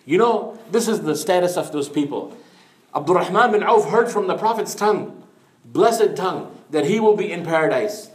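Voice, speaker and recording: Man, Islamic sermon, earnest storyteller, Arabic phrases, slightly high voice. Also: roomy sound. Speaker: preacher.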